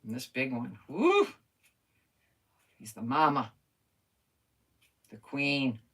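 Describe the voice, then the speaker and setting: A woman's voice: very deep voice, steady tone, slow pace, fairly bright tone, husky. An older woman chatting casually while crafting on a live stream, talking to herself and answering viewer comments.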